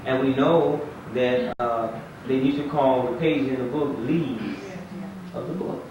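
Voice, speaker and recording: A man's voice: medium pitch, unhurried, noisy background. A man, an imam, teaching an Arabic class in a conversational lecture, quizzing his students with questions in a mosque classroom. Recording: echoey room, distant mic, dull lo-fi 1990s tape.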